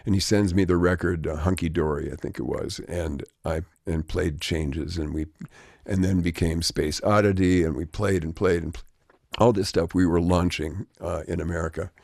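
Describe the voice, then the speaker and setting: Older guy telling long wry stories, deep gravelly voice. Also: steady tone, normal speed, darkish tone, no room sound, studio quality. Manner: rambling, conversational, wry. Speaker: guest. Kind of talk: anecdotal storytelling.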